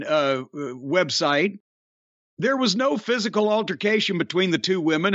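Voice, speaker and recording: High-voiced, profane male podcast host. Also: a bit bright, dry recording, muffled recording. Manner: profane, laughing storyteller. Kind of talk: casual podcast chat.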